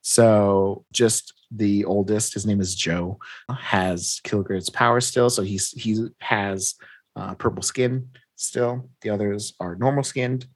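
A man talks through a comic story in a casual, animated way, often slipping into quick impressions of the characters. His voice sits on the low side and is a little husky. It is recorded close and dry. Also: no echo. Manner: animated retelling, acting out characters' lines, laughs often. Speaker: comic book recapper. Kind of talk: casual chat.

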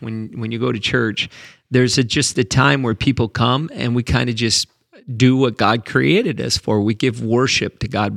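A man, a pastor, telling a story about faith in an earnest, animated way, often repeating words as he builds up to a point. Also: medium pitch, creaky, dry recording, clean studio sound.

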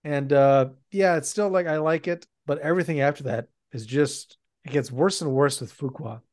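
A man's voice: a little high, moderate pace, darkish tone. A man hosting a podcast, blunt and sardonic in casual chat. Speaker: podcast host.

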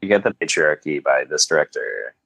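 A man's voice: extremely low pitch, sing-song, brisk, gravelly, fairly bright tone, husky, no echo, poor audio. A man co-hosting a podcast, chatting casually about a film in a rambling way with dry, wry remarks and plenty of fillers. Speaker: podcast co-host. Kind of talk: casual film-discussion chat.

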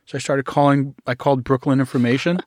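A middle-aged man in an interview, telling his own story in a halting way, often restarting, sometimes acting out the voices he quotes. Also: medium pitch, little pitch movement, a little mellow, dry recording, studio quality. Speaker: guest.

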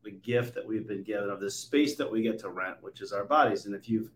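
A man in his forties hosting a podcast, telling stories with animated swings between loud and soft. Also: lowish voice, a little fast. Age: 40s. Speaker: podcast host. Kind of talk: conversational interview. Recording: roomy echo.

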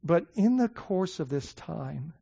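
A man preaching a sermon in a loose, conversational way, with lots of fillers and restarts, who slows down to stress his points. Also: on the high side, sing-song, gravelly, mellow, husky. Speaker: pastor. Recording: dull lo-fi sound.

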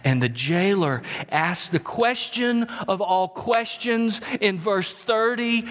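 A man preaching a sermon, emphatic, slowing to stress words and dropping at times to a whisper. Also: high-pitched, a bit bright. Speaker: pastor. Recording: long hall reverb.

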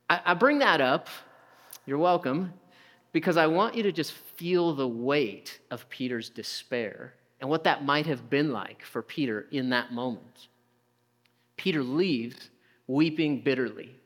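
A man preaching a sermon as a pastor, telling a story with lively acted-out voices and conversational asides. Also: fairly high pitch, normal speed. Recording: long reverb of a large hall.

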